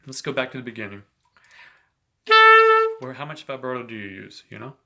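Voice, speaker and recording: A man with a bright, forceful voice talks through a saxophone lesson in a loose, chatty way and keeps saying "you know". His pitch sits in the middle, and saxophone music plays faintly behind him. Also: brisk, creaky. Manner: relaxed and chatty, with many "you know"s and short laughs. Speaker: saxophone teacher. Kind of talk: casual instructional talk between playing examples.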